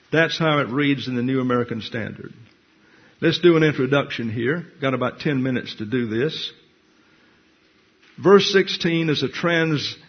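A man's voice: medium pitch, breathy edge. A man preaching a Bible class sermon, blunt and teacherly, reading scripture verse by verse and explaining it. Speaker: pastor. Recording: dull lo-fi recording.

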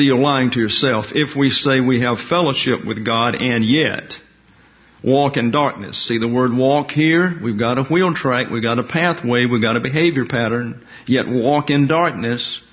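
Deliberate male pastor teaching, lo-fi. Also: mid-range voice. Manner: deliberate, explains Greek terms, with asides. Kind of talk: expository Bible teaching sermon. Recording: dull lo-fi recording.

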